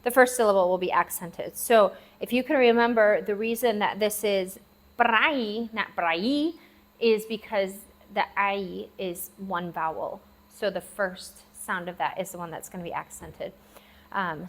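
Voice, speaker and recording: A woman leads a language lesson at a steady, mid-range pitch. She talks patiently, repeating each new word slowly and spelling it out for her learners. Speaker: language teacher. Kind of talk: classroom-style language lesson. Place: lives abroad in Southeast Asia.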